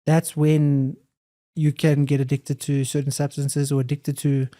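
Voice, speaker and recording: A young adult man appears as a podcast guest; he is a hybrid athlete having a casual conversation. His voice is a little high, warm and level, unhurried, and he speaks earnestly and reflectively, often repeating phrases.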